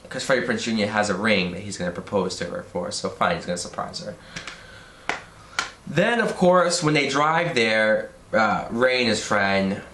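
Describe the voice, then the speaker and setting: Exasperated man ranting in a roomy echo. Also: medium pitch. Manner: profane, exasperated, animated outbursts. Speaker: movie reviewer. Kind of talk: ranting film review. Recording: roomy echo, faint background noise.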